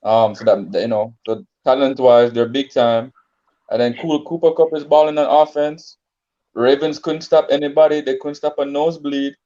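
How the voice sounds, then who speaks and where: A man with a mellow, darker voice talks through football picks in an unhurried, easygoing way. He stops and restarts often, filling gaps with ums. The audio is a bit muffled and lo-fi. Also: mid-range voice, fairly even intonation. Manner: laid-back, hesitant with many ums and restarts. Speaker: sports podcast co-host. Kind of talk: casual sports debate.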